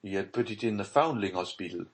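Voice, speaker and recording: A man voicing a haunted aristocratic official in an audiobook, speaking in a grave, hushed, brooding tone. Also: lowish voice, animated, fast talker. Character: haunted scheming nobleman, secretive and grave.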